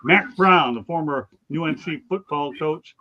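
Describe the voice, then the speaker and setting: A man hosting a sports talk show, loud and high-energy, shouting with excitement. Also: unhurried. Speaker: show host. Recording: dull lo-fi sound.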